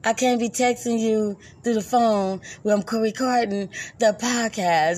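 A woman's voice: fairly high pitch, fairly even intonation, a little slow, few pauses, a little mellow. A woman hosting a live music podcast in loose, chatty talk, laughing easily. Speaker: radio podcast host. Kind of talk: casual live show chat.

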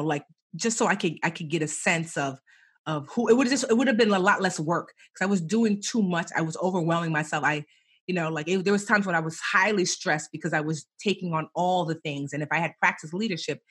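A woman guest chatting casually in an interview, telling stories with animated asides and voicing herself in quotes. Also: deep voice, fairly quick, slightly rough. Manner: lively storyteller, animated self-quotes. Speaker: guest entrepreneur.

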